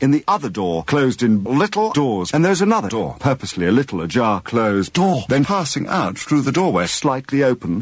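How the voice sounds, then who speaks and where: A husky, low-voiced man narrates a comic spoof of a mystery reading in a mock-dramatic tone, rambling and tripping over his words. His delivery leaps up and down in pitch, and the recording is close and dry. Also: no echo.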